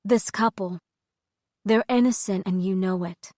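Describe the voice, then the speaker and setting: A woman narrator voicing a calm, soothing female caretaker in an audiobook, measured and firm. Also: a little high, dry recording, clean studio sound. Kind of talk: audiobook character voice.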